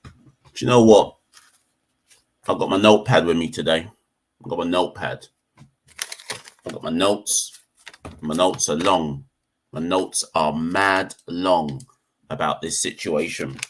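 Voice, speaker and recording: A man hosting a live podcast from home, chatty and rambling, low on energy and exasperated. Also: a little slow, pauses often, slight background noise. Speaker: podcast host. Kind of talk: casual live-stream chat. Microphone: desk microphone, unplugged at first.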